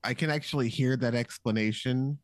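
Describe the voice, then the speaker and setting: A man co-hosting a casual movie review chat, playful and quick to act out what people say. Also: mid-range voice, no room sound. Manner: playful, acts out quotes. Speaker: podcast co-host.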